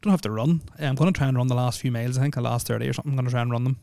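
A man races through his casual solo podcast in a warm, creaky, medium-pitched voice, recorded with no room sound. He rambles on, filling gaps with ums and throwing in dry jokes.

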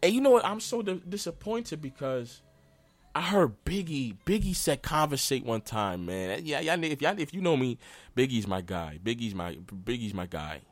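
A man's voice: medium pitch, very animated, moderate pace, no echo. A young man hosting a casual solo podcast, talking bluntly in loose slang and restarting his sentences often. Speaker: podcast host.

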